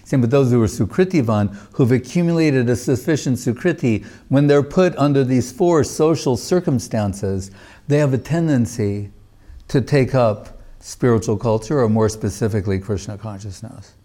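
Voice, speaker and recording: A man with a dark, mellow voice teaches a spiritual class. He tells the story loosely and wanders off on side notes. He keeps dropping in casual asides as he goes. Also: mid-range voice, normal speed. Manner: loose, digressive storytelling with many filler phrases. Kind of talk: storytelling religious talk.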